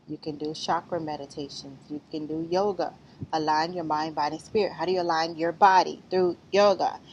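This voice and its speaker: A woman's voice: sits low, highs cut off, a little hiss or hum. Rambling, profane woman vlogging outdoors. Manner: rambling, blunt and profane, lively. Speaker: spiritual vlogger. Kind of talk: casual spiritual advice monologue. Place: outdoors among trees.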